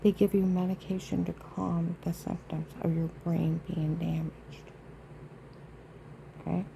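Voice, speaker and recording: A woman rambles through an indignant, aggrieved monologue for her vlog, emphatic and full of asides. Her voice sits low and dark, with a gravelly rasp, and a faint hiss runs underneath. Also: flat delivery, measured pace, rough recording. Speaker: vlogger.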